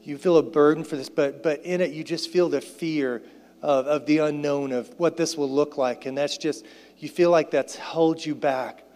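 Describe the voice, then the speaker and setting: A male pastor delivers an earnest sermon and altar call. He repeats key phrases and slips into soft, hushed prayer. His voice carries a long reverb from a large hall. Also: fairly high pitch, fairly even intonation, moderate pace.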